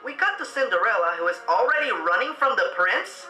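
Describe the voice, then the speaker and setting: A man's voice: sits high, huge pitch swings, brisk, bright, forceful tone, soft background music. Sarcastic male reviewer in an echoey room. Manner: sarcastic, exasperated, mocking. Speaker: film reviewer. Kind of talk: sarcastic comedic film review narration. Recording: echoey room with faint background noise.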